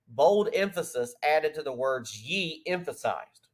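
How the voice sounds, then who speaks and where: A man hosts his own political commentary podcast, reading stories out and breaking off for sarcastic remarks. His voice sits a little above the usual male pitch. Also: animated, a little slow. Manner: reads news aloud with sarcastic asides. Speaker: podcast host.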